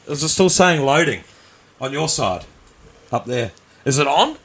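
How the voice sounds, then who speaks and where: A man's voice: fairly high pitch, sing-song, normal speed, pauses often, a bit bright, breathy edge. A man from New Zealand co-hosting a podcast, easygoing and dry in casual banter. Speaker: podcast co-host. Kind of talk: casual banter on a live show.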